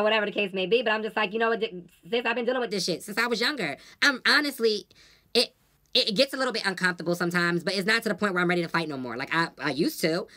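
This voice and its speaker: A woman's voice: medium pitch, pushed and bright. A woman vlogger venting casually to her viewers, blunt and profane, telling stories with lots of animation.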